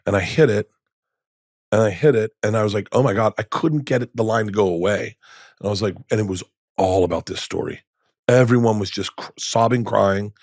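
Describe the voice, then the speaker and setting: A man in his fifties, a comedian guest telling stories in a podcast interview, rambling and animated, acting out quoted lines with many restarts. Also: on the low side, brisk, no echo, clean studio sound. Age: 50s. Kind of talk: candid storytelling in conversation. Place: podcast studio.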